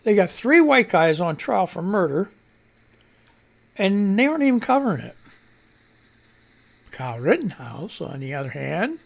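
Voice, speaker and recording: Man, middle-aged, gravelly voice, rambling, sarcastic, repeats words, casual live show host. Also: high voice, sing-song, measured pace, pauses often. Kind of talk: casual chat reading comments aloud.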